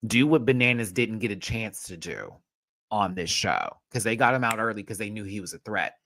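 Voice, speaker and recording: A man hosting a casual TV show recap, profane and animated, jumping from loud outbursts to low muttering. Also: normal speed, vocal fry, a little hiss or hum.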